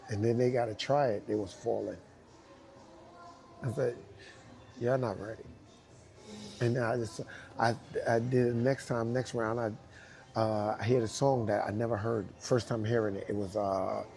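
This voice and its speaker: A man with a New York accent, speaking to young dancers and telling animated stories with repeated emphasis and acted-out quotes. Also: mid-range voice, vocal fry. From United States. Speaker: guest dancer speaking to students. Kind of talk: casual storytelling talk.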